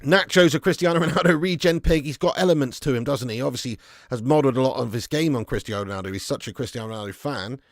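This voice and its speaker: A man's voice: medium pitch, fast talker, no echo, clean studio sound. Blunt, jokey man. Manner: blunt, jokey, swears freely, calls viewers mate and lad. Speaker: fan channel host reading live chat. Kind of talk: casual livestream chat.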